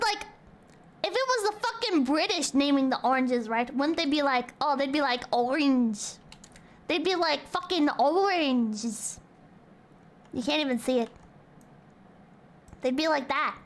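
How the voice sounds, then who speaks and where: A young woman streamer in casual chat, reading out donations, playful and crude and rambling. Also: high-pitched.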